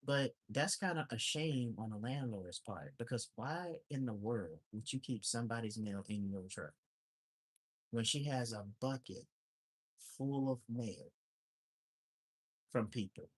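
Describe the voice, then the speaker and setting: An Alaska resident vents on a laid-back livestream in an unhurried, expressive mid-range voice. Blunt and fed up, he curses liberally and keeps circling back to the same grievances.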